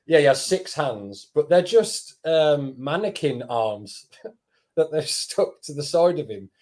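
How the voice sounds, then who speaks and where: A man's voice: fairly high pitch, lively intonation, slow, a little mellow. A man co-hosting a film review podcast, talking wryly in stop-start bursts. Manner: wry, laughing, stop-start. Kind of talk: casual podcast chat.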